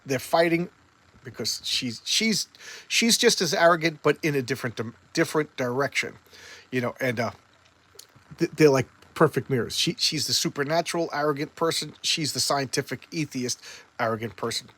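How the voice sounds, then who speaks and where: A man's voice: mid-range voice, moderate pace, pushed and bright. A man casually retelling a comic book story in a loose, rambling way, with many fillers and restarts.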